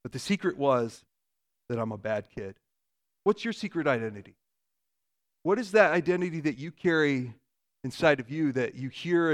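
A man in his forties preaching a sermon in a church, earnest, asking rhetorical questions and dropping to a soft voice for emphasis. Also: mid-range voice. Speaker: pastor.

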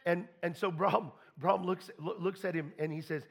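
A preacher, a man with a high voice that is gravelly and husky at once. He tells his story in a folksy way, stumbling over restarts and acting out both sides of every conversation in church. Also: normal speed, hardly any pauses, a bit bright. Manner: folksy, repeats and restarts, quotes people in dialogue. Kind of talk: storytelling sermon.

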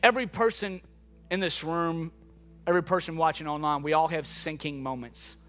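A man preaching a sermon to a congregation in the room and online, moving from quiet reflection to impassioned shouting. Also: a little high, fairly even intonation, normal speed, soft background music. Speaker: pastor. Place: church hall with live and online congregation.

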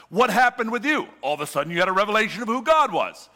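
A man preaching a sermon as a pastor, swinging from loud urging to hushed whispers and repeating words as he builds. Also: sits high, very animated, fast talker, hardly any pauses, long reverb tail.

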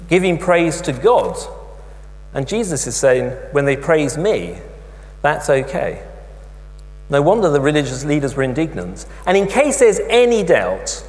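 A man preaching a sermon, telling the story in an animated way with emphatic asides. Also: on the high side. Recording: long hall reverb with mains hum.

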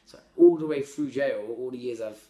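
A man telling his story as a podcast guest in a slangy, rambling, animated way. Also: medium pitch, normal speed. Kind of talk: casual storytelling. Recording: roomy echo.

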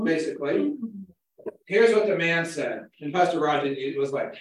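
High-voiced pastor preaching in an echoey hall. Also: male voice, animated, normal speed, distant mic. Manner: casual, repeats words as he goes. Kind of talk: conversational sermon.

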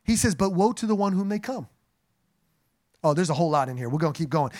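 A man preaching a sermon to a congregation, animated and joking as he speaks to them directly. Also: sits high. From New Jersey. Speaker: pastor. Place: church sanctuary.

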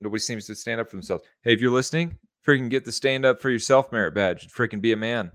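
A man's voice: medium pitch, fast, fairly bright tone, no room sound, clean studio sound. A young man co-hosting a podcast, blunt and casual, saying "dude" and "freaking" often. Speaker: podcast co-host. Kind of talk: casual chat.

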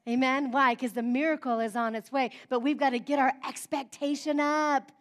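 A woman preaching a sermon, with call-and-response amens, who swings between soft, chatty asides and fervent cries. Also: high-pitched, steady tone, normal speed. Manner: rises to fervent cries, then drops soft and conversational; repeated call-and-response "amen?".

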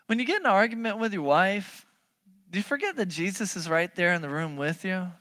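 This is a brisk sermon with no room sound. The preacher is animated and forceful, firing off rhetorical questions and moving between loud outbursts and low, quiet moments.

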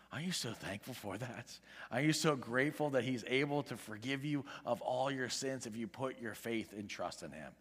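An earnest male pastor preaching to his congregation, pleading with them and then rising in volume to drive a point home. His voice sits at an ordinary middle pitch. The sound carries a long reverb from a large church sanctuary. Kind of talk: sermon.

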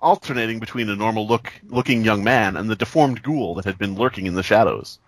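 A man's voice: fairly low pitch, a little fast, no echo. A man co-hosting a comedy podcast, reading a creepy story aloud and riffing playfully. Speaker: podcast co-host. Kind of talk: joking read-aloud.

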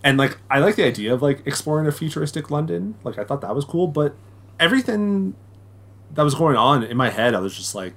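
A man's voice: a little high, big pitch swings, brisk, a bit bright. A young man co-hosting a podcast in casual chat, rambling with lots of fillers. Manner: rambling, filler-heavy, restarts often. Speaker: podcast co-host.

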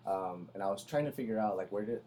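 A man's voice: lowish voice, quick pace, mellow, a little hiss or hum. A man who is a content creator, talking in a casual, laid-back way with a dry delivery. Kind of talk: casual conversation.

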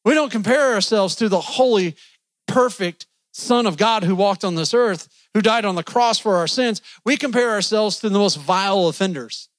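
Folksy male preacher, high-pitched, joking sermon delivery, dry recording. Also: moderate pace, no room sound. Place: church.

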